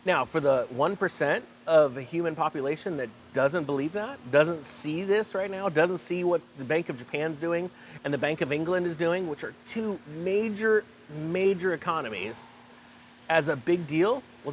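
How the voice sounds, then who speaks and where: A man's voice: on the high side, moderate pace, a little hiss or hum. A man hosting a finance commentary vlog, talking emphatically and sarcastically with rambling asides. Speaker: finance channel host.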